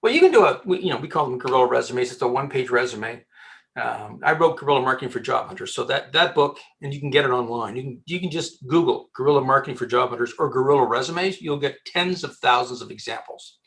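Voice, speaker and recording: This man, a headhunter and podcast guest, gives laid-back career advice with lots of energy and humor, repeatedly restarting what he's saying. His mid-range voice moves fast and carries vocal fry.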